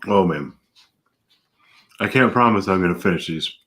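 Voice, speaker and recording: A man's voice: sits low, normal speed, a bit bright. A man in his thirties, a police officer and vlogger, chatting casually at home while eating donuts with his mouth full. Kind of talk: casual vlog, eating challenge.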